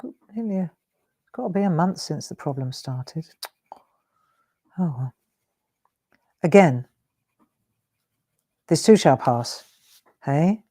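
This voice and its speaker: A middle-aged woman leads a live craft demonstration, chatting and coaxing her viewers along as she works. Her voice sits a little low, and she takes her time. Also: lively intonation, slow, pauses often, mellow, husky. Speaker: craft show host.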